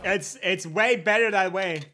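A native French speaker streaming live at a desk mic, chatting casually with viewers. The talk is excitable, breaks into laughs and curses, and greets names from chat. The voice sits at a middling pitch. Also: measured pace, slight background noise.

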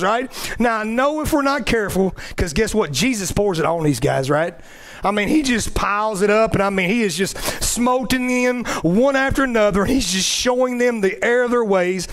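A middle-aged male pastor preaching a conversational sermon, often checking in with "right?". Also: high-pitched.

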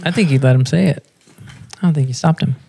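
A man hosting a podcast in casual chat, teasing his guest with quick one-liners. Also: fairly high pitch, gravelly, crowd noise.

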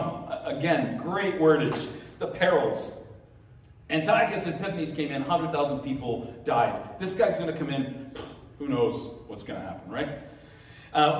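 A male pastor with a fairly high voice tells a story in a lively, animated way, adding many asides for his congregation. His voice booms around a large, reverberant sanctuary and is picked up from a distance, with faint room ambience underneath. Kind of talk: sermon. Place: church sanctuary. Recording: echoey hall from far off.

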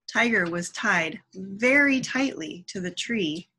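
Slow, bright-voiced woman storyteller. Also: mid-range voice, lively intonation, breathy edge, low-quality recording. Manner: chatty asides to the listener. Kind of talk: reading a children's folk tale aloud.

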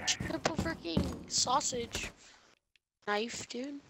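A teammate chatting through a shooter game, excitable, shouting exclamations and calling everyone dude. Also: high voice, slow, creaky, heavy background noise. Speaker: gamer teammate. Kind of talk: casual gaming chat.

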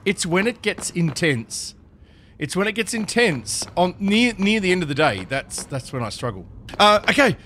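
Excitable man. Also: high voice, normal speed, slight background noise. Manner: excitable, talks to himself, yelps and laughs. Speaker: Minecraft streamer. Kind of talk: live gameplay commentary.

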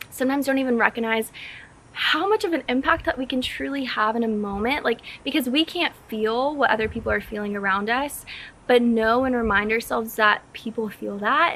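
A young woman from Texas chats through a personal story with a bright, clear tone that sits a little high. She sounds bubbly and earnest, with plenty of "like" fillers. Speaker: vlogger. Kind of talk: casual storytelling.

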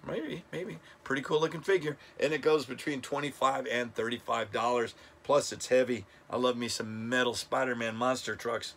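A man's voice: medium pitch, fairly even intonation, moderate pace, hardly any pauses, a bit bright, slight background noise. Enthusiastic chatty middle-aged man. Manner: enthusiastic, chatty, stumbles over names. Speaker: toy review channel host. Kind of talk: casual toy countdown vlog.

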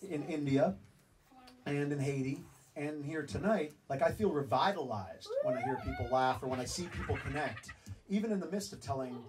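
A man telling a story to a live audience in an animated, self-mocking way, acting out the voices in it. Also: a little high, normal speed, distant mic, heavy background noise. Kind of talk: storytelling talk.

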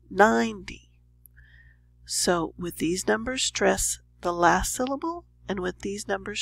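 A woman's voice: medium pitch, gravelly, husky, dry recording, rough recording. A woman English teacher casually explaining a pronunciation lesson, sometimes dropping into a whisper.

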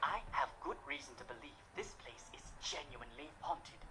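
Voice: mid-range voice, animated, moderate pace, bright, forceful tone. An actor voicing a nervous, formal scholarly houseguest in an adventure game. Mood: anxious.

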